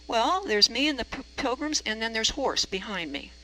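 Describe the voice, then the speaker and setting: A woman's voice: on the high side, very animated, moderate pace, sharp tone, poor audio. A woman reverend telling a story from the pulpit, chatty, with self-deprecating humor. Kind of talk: storytelling sermon.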